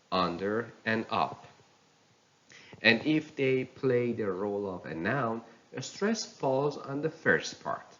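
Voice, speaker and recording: Guy teaching pronunciation, persian first language, reads words super slow, pitch jumps around a lot. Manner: deliberate, careful enunciation with lively pitch. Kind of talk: slow instructional reading of word lists. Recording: dull lo-fi recording.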